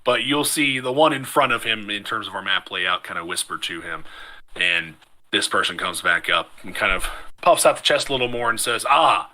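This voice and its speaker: A man narrating as game master of a tabletop game, relaxed and thinking aloud with many fillers. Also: fairly low pitch, moderate pace.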